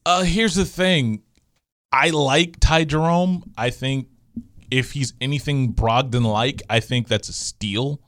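A man's voice: medium pitch, slow, a bit bright, no echo, studio quality. A man co-hosting a casual sports podcast, sarcastic and riled up, mocking other people's jokes. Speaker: podcast co-host.

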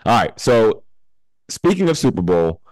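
A man's voice: on the low side, very animated, unhurried, a little mellow, dry recording, low-quality recording. A man hosting a casual podcast, laughing often and breaking in to read sponsor spots. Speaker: podcast host.

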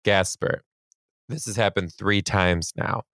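Deep, gravelly man in a dry room. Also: takes it slowly, dry recording. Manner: expressive, reacts loudly, laughs often. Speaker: podcast co-host. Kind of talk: casual chat.

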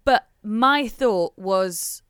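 A woman co-hosting a podcast, reacting with soft sympathy and then telling her own story casually. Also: mid-range voice, animated, extremely slow, smooth, no echo, clean studio sound. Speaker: podcast co-host. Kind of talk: casual chat.

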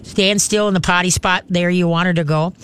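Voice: medium pitch, steady tone, a little fast, fairly bright tone, smooth. A radio host and dog trainer giving chatty, hands-on advice to callers on a call-in show. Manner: chatty and instructive, acts out dog commands.

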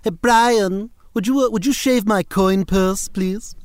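A prim, scheming cartoon baby boy speaks in a lifted, upper-class English lilt, as a man puts him on. The voice sits high and clipped over a dry, close sound with no room echo. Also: measured pace. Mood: mischievous.

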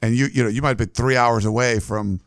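A man's voice: medium pitch, steady tone, fast talker, dry recording, studio quality. A man hosting a casual sports podcast, talking loosely with many fillers and restarts about fandom. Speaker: podcast host running a fan message board.

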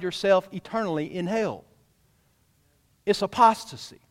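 A man's voice: sits high, lively intonation, normal speed, big-room sound. A man preaching a sermon as pastor, emphatic and direct, often asking the congregation questions. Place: church sanctuary.

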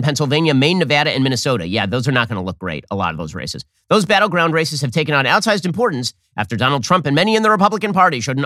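A man delivers political commentary at a rapid clip, his voice pitched a little above the usual male range. He reads out news quotes and answers them with biting sarcasm. The sound is close and dry, with no room echo. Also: fairly bright tone.

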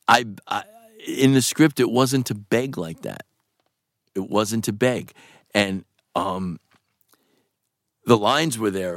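A man's voice: lowish voice, fairly bright tone, dry recording, studio quality. A man, an actor being interviewed, telling a long rambling story with swearing and frequent laughter. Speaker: actor guest.

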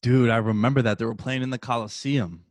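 A man in his early thirties hosting a casual sports chat, telling stories with animated energy, swearing and calling his co-host dude. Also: mid-range voice, fast, no echo, clean studio sound.

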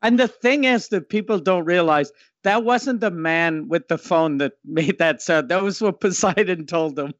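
A man's voice: sits high, moderate pace, hardly any pauses, no echo, muffled recording. A man joking and teasing his friends in casual chat, laughing a lot.

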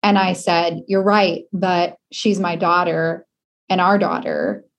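A woman's voice: fairly low pitch, animated, slow. A middle-aged woman from Wisconsin, a guest in an interview, telling a personal story earnestly and with feeling.

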